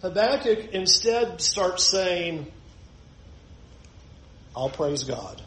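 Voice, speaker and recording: A man's voice: sits high, expressive, drawn-out words, a bit bright, echoey room, slight background noise, rough recording. A man preaching a sermon in a conversational way, with joking asides. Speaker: pastor.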